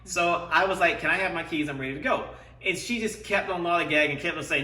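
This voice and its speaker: Exasperated man ranting, high bright voice. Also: quick pace, distant mic. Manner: frustrated retelling, mimics others' lines. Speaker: vlogger. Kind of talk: animated storytelling rant. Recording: roomy, away from the mic.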